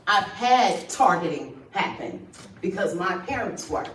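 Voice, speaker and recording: A woman's voice: fairly low pitch, expressive, unhurried, a bit bright. A woman giving an impassioned speech to a crowd at a rally, speaking emphatically and calling on listeners directly. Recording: distant, roomy livestream audio with faint noise.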